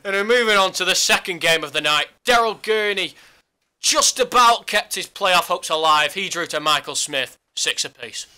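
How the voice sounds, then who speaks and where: Man, sports podcast co-host, very bright sharp voice, teasing jokey banter. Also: high-pitched, animated, moderate pace, smooth. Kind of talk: casual sports podcast chat.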